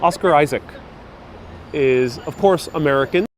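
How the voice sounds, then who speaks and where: A man's voice: fairly high pitch, a little slow. A man guiding a live-streamed city bus tour, chatting casually and reading out viewer comments. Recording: faint street and traffic noise.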